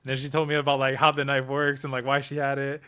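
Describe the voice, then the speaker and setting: A man co-hosting a podcast, softly recounting a story in casual chat. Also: medium pitch, monotone, fast talker, clean tone. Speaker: podcast co-host.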